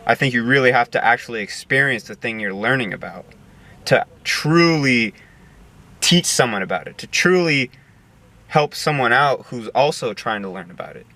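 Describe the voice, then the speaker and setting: A man's voice: medium pitch, fairly quick, pushed and bright. A young man giving an earnest casual monologue, often repeating words as he searches for them. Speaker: video essayist.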